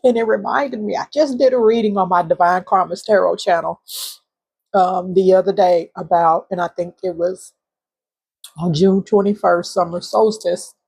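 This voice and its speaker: A woman hosting a spiritual channel, telling a heartfelt story from her bedroom in a halting way with fillers and soft whispered moments. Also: fairly low pitch, steady tone, creaky, husky. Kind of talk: emotional spiritual testimony vlog.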